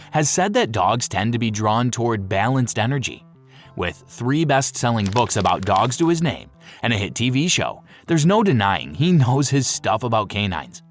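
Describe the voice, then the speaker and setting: A man narrates in a playful, lively explainer voice. His pitch moves all over the place as he talks. Faint music plays underneath. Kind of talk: scripted narration.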